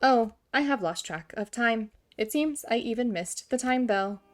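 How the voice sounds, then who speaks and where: A woman's voice: on the high side, lively intonation, a little slow. A woman reading the lines of a dutiful robot construct worker aloud in a formal, polite, matter-of-fact way. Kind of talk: reading game dialogue aloud.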